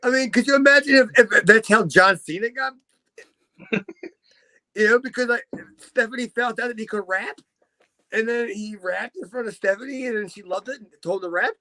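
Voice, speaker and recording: A man with a high voice co-hosts a podcast in loose, rambling chat. He laughs often and swears freely. His sound is close and dry, with no room around it. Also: moderate pace, bright, forceful tone, dry recording. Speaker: podcast co-host. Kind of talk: casual chat.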